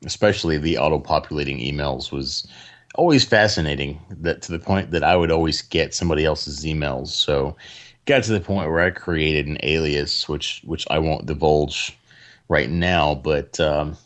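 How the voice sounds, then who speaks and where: A man co-hosting a casual podcast chat, talking haltingly with many fillers and restarts. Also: very deep voice. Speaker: podcast co-host.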